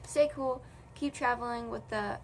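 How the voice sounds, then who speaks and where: A woman's voice: on the high side, normal speed, a little hiss or hum. Casual woman reading a children's book. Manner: casual, with slips and self-corrections. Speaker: audiobook reader. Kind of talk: reading a children's novel aloud.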